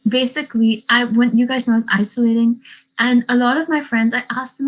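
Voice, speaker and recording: Teen girl, Derry accent with an Indian hint, bubbly livestream chatter, slightly higher voice. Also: fairly even intonation, a little fast, low-quality recording. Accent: Northern Irish (Derry) with a hint of Indian. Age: teens. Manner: chatty and bubbly, many "like" fillers. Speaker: YouTuber reading live chat. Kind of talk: casual livestream chat. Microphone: webcam mic.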